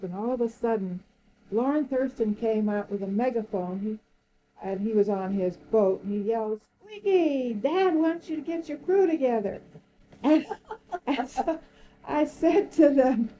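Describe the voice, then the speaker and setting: A woman's voice: mid-range voice, lo-fi sound, slight background noise. An older woman recalling old times in an interview, telling her story with frequent laughter. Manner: lively storyteller, laughs often, acts out quoted speech. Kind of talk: oral history reminiscence.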